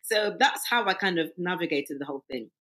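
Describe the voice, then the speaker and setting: Husky-voiced woman giving fervent testimony. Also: fairly low pitch, lively intonation, brisk, a bit bright, low-quality recording. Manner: fervent, emphatic storytelling. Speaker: guest. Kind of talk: faith testimony in podcast interview.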